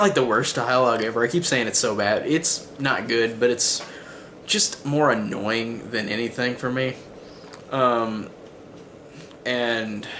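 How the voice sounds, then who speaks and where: A man's voice: medium pitch, a bit bright, a little hiss or hum. A man casually reviewing a movie on his channel, rambling with lots of "like" and "um", and swearing when he gets exasperated. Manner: rambling, heavy use of "like" and "um". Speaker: film reviewer.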